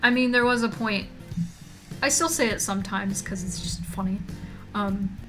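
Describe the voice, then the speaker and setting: A woman's voice: mid-range voice, moderate pace, over music. A woman streamer in casual chat, joking and talking to her viewers as she draws. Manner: chatty and joking, reading chat aloud. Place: home streaming setup.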